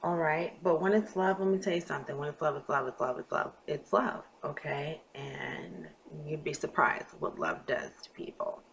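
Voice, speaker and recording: A woman giving a casual astrology and tarot reading to her viewers, talking emphatically and swinging from quiet murmurs to loud bursts. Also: sits low, animated, normal speed, gravelly, hardly any pauses. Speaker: tarot reader.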